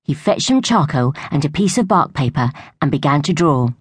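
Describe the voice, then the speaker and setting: Narradora de voz grave y ronca. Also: female voice, sits low, very animated, moderate pace, husky, no room sound. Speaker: audiobook narrator. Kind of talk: storybook narration for young children.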